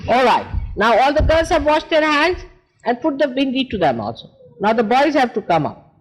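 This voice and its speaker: Woman coaxing children with lively pitch. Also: normal speed. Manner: coaxing, repetitive, motherly urging of children. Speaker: spiritual teacher leading a ceremony. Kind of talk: informal instructions at a ritual gathering. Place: indoor ritual gathering. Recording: noisy live event recording.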